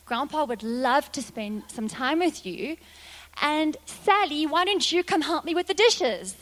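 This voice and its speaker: A woman voicing a kind, loving old grandmother who speaks gently. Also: high-pitched, lively intonation, unhurried, in a large hall, voice pushed up. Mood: gentle. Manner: gentle, warm.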